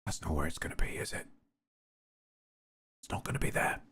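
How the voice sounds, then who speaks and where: A man's voice: a little fast, a bit bright, a little hiss or hum. A man streaming a game live, talking to himself with sarcastic, jokey commentary. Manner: sarcastic, jokey self-talk.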